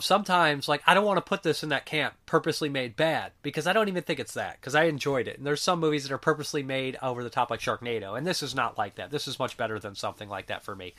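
A man's voice: fairly high pitch, sharp tone. Rambling, swearing male movie reviewer. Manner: rambling, swears freely, many fillers. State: sick. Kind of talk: casual unscripted review.

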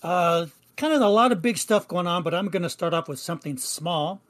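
A man's voice: high voice, lively intonation, a little fast. A man co-hosting a podcast, chatting in an easygoing way and laughing along. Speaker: podcast co-host. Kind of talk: casual podcast chat.

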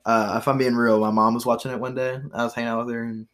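A man's voice: mid-range voice, flat delivery, fast, a bit bright. A young man hosting a podcast, chatting loosely about history trivia with frequent fillers and profanity. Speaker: podcast host.

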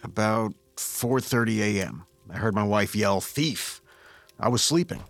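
Male actor as a guarded, defensive aristocrat suspect, low voice with lively swings, short clipped answers. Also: measured pace, soft background music. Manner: curt, defensive, evasive replies. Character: evasive nobleman suspected of killing his wife. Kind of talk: true-crime dramatized reenactment.

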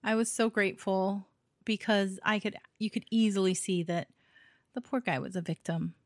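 A woman's voice: mid-range voice, fairly even intonation, normal speed, darkish tone, dry recording, clean studio sound. A woman from Hawaii co-hosting a casual chat, talking freely with fillers and frequent laughter. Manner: chatty, laughs often, trails off with fillers. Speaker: podcast co-host.

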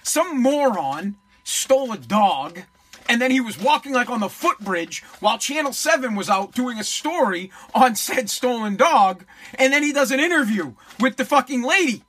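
A man from Boston hosts a solo podcast in a blunt, sneering rant full of curses. His voice is pitched very high for a man and has a bright, sharp edge. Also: very animated, normal speed, slightly rough. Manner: blunt, mocking, profane. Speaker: podcast host. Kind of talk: ranting solo podcast commentary.

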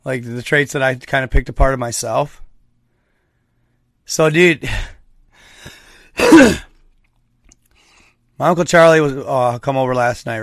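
Slow, gravelly-voiced man chatting casually. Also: mid-range voice, no echo, clean studio sound. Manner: rambling, slangy storytelling. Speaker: streamer chatting with viewers. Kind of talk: casual chat.

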